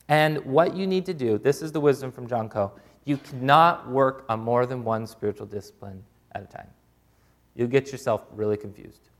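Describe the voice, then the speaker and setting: A man preaching a conversational sermon, informal and full of restarts, who acts out quoted prayers with a voice that drops soft and low. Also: normal speed. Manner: plain, informal, with repeated restarts.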